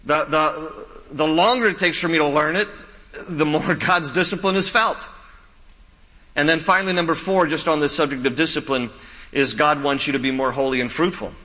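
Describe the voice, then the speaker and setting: A male pastor delivers a sermon in a high, bright voice. He mixes teaching with animated personal anecdotes and self-deprecating jokes. The sound carries the long reverb of a large hall. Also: normal speed.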